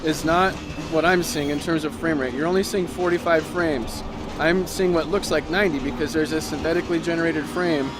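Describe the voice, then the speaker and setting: A middle-aged man giving casual, excitable commentary as he drives a racing simulator, talking in bursts with lots of fillers. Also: a little high, brisk. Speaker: sim racing YouTuber. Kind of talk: casual commentary while driving.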